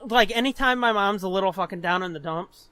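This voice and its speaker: A man in his twenties co-hosting a podcast, telling stories in an animated, profane way and laughing often. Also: high-pitched, fairly quick, clean tone, no room sound. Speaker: podcast co-host. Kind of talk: casual chat, storytelling.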